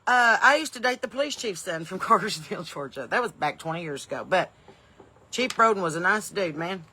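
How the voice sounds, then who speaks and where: Live from her porch at home in the evening, a comedian greets her viewers with upbeat, folksy bursts before wandering into tangents. Her fairly low voice is animated, a little fast and sharp-toned, with slight background noise.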